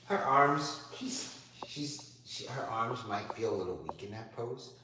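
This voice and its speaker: A man's voice: medium pitch, expressive, a little slow, pushed and bright. A man teaching a one-on-one yoga class, cueing poses and urging his student on with repeated encouragement. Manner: encouraging, repeats "you got this". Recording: echoey room from far off with faint noise.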